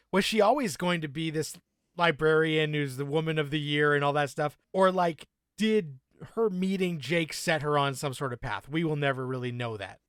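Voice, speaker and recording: Male podcast co-host, higher-pitched, sarcastic and profane, laughs a lot; dry recording. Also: dry recording. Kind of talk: casual chat.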